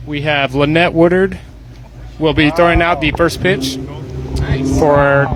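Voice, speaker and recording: A man guest making an announcement haltingly, with fillers. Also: on the high side, fairly even intonation. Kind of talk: casual announcement.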